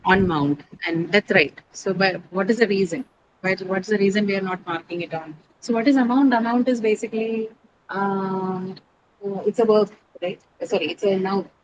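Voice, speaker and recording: A woman's voice: medium pitch, normal speed, highs cut off. A woman teaching an online pronunciation lesson. She explains step by step, asks questions and answers them herself, and repeats key words for emphasis. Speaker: English teacher. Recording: steady background noise.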